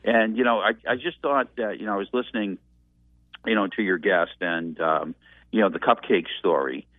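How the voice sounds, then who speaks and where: A man's voice: lowish voice, moderate pace, no echo. A man, calling in and reminiscing in a rambling, reflective way. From Massachusetts. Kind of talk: casual reminiscing. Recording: tinny dry phone line.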